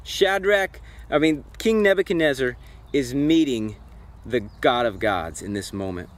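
With a medium-pitched, animated voice at a measured pace, a man teaches a devotional Bible study by a campfire outdoors. His tone is earnest and reflective, and he addresses pointed questions to the group.

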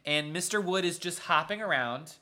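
Brief: male podcast co-host, higher-set bright voice, gushy and playful recapping a story. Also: normal speed. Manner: animated, jokey storytelling with squealing pitch jumps. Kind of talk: casual chat retelling a book.

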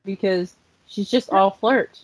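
A woman chatting casually as a podcast co-host, quiet and teasing, laughing softly. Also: medium pitch, slow pace, rough recording. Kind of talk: casual chat.

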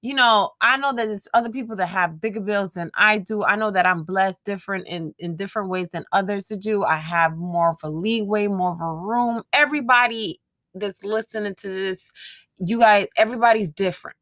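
A woman's voice: mid-range voice, fairly quick, a bit bright, no room sound. A woman hosting her own show, giving a casual motivational monologue to her listeners, frank and profane, laughing often. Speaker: podcast host.

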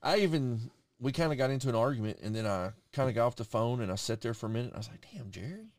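Animated man telling stories, bro-talk. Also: mid-range voice, fast, no room sound. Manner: animated storytelling, says "bro" a lot. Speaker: podcast co-host. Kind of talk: casual chat.

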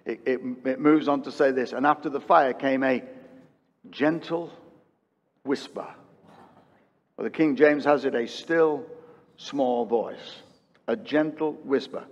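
A pastor in his fifties preaching a sermon, swinging from loud emphatic peaks to hushed quiet and repeating phrases for emphasis. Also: medium pitch, steady tone, moderate pace, in a large hall, highs cut off. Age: 50s. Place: church.

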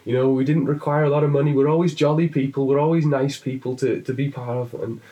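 A man's voice: mid-range voice, steady tone, fast, warm tone, distant mic, voice pushed up, natural voice. A man voicing a jolly, kindly Irish man in a pub, with a put-on Irish accent that drifts toward Welsh.

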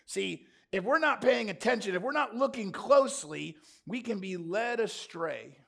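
Male pastor, high for a man, gravelly; punchy rhetorical sermon delivery with jokey asides. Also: expressive, a little slow, pushed and bright. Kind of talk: lively sermon to a live congregation. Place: church before a congregation.

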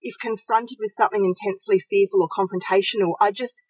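A woman's voice: mid-range voice, fast talker, husky, no echo, poor audio. A woman, talking openly and reflectively about her own feelings in a casual podcast chat. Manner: open, reflective, self-searching, lively. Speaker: podcast co-host.

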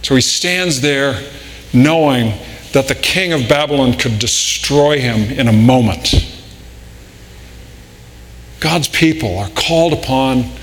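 A man preaching a sermon in a slow, deliberate way, often repeating and restarting words. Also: on the high side, a bit bright. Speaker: pastor. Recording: long reverb in a large hall, faint room noise.

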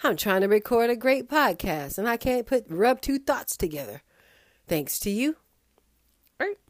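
A woman hosting a podcast, talking in a sassy, animated monologue full of wandering asides. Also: fairly high pitch, unhurried, dry recording, clean studio sound. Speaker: podcast host.

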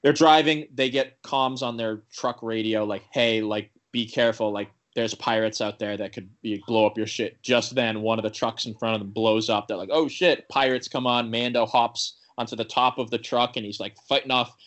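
A man's voice: lowish voice, moderate pace, hardly any pauses. A young man casually recapping a TV episode, rambling with many "like" fillers and acting out the characters' lines. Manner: rambling, full of "like" fillers and restarts; animated retelling with quoted character lines. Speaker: podcast co-host recapping a TV episode. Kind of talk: casual chat.

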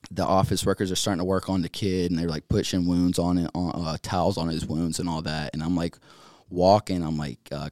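Young man, very low voice, dry close sound, casual storytelling, lots of fillers. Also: no echo. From North Carolina. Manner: rapid, filler-heavy retelling with many restarts. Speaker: podcast guest.

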